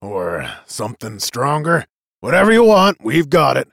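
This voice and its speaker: A man voicing a gruff, bossy boat captain who barks orders at his crew. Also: mid-range voice, wildly swooping pitch, measured pace, fairly bright tone, no room sound, clean studio sound, exaggerated voice.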